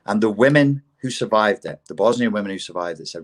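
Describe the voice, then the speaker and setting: A man with a low voice talks through a casual podcast chat. He swears freely and builds from measured points to indignant outbursts, his voice jumping up when he gets worked up. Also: expressive. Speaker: podcast co-host.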